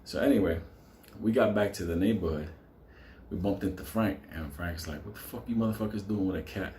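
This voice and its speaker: A man's voice: sits low, a little fast, slight background noise. Laughing New man telling a story. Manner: laughing, animated, heavy swearing. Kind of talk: profane storytelling. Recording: echoey room with faint ambience.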